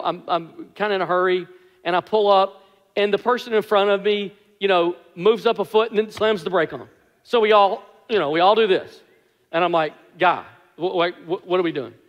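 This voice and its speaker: A man with a high, light voice delivers a sermon, easing into conversational storytelling with a self-deprecating humor. His words ring out with a long reverb, as if heard in a large church sanctuary. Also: fairly bright tone. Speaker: pastor.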